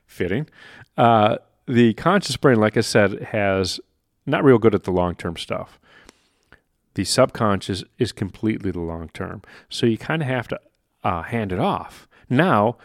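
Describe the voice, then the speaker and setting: Male podcast host, low-pitched, enthusiastic self-help talker, dry close recording. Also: dry recording. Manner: animated, acts out inner voices, laughs at himself. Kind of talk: motivational solo podcast talk.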